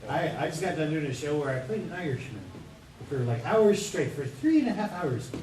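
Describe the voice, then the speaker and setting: A man actor telling an animated anecdote on a convention panel. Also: fairly high pitch, brisk, slight background noise. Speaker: stage and voice actor. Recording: echoey room, distant mic, crowd.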